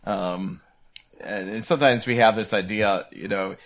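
A Lutheran man in a casual theological discussion, speaking hesitantly with many pauses and fillers. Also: on the low side, fairly even intonation, a bit bright, a little hiss or hum. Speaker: Lutheran pastor.

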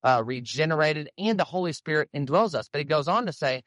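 Man, debater, preacherly, quotes scripture, slightly high voice, dry sound. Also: lively intonation, a little fast, hardly any pauses, a bit bright, dry recording. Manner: preacherly, quoting scripture at length. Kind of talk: debate opening statement.

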